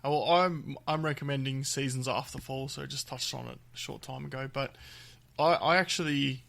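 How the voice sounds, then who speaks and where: A man talks loosely on a gaming podcast, his voice carrying a rough, gravelly fry. He chats in an easygoing manner, laughs easily, and lets his sentences trail off. His pitch sits in a normal middle range. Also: fairly even intonation, moderate pace, fairly bright tone. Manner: easygoing, chuckles often, trails off mid-thought. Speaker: podcast co-host. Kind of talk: casual chat.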